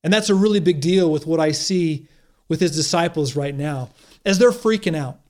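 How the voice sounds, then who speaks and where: A man with a notably high voice delivers a sermon. He speaks earnestly and encouragingly, restarting phrases as he gathers his thoughts. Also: normal speed, a little mellow. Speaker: pastor.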